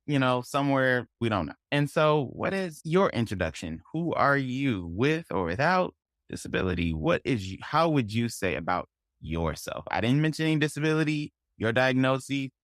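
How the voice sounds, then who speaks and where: A man's voice: medium pitch, very animated, normal speed, a bit bright, dry recording, clean studio sound. A man hosting a podcast, asking earnest, rambling questions with open enthusiasm. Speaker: podcast host. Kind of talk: earnest interview host.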